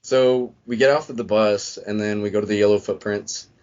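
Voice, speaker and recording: A man's voice: fairly low pitch, steady tone, normal speed, a little mellow. A man on a podcast as a guest, retelling his story in a casual, rambling way with lots of "I'm like" asides. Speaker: podcast guest, Marine veteran. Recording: dull lo-fi podcast audio.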